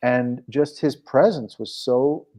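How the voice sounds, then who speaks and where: A man's voice: mid-range voice, takes it slowly, dark tone. A man as an interview guest, telling a story in casual conversation, rambling with frequent restarts. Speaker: guest, coach and program founder.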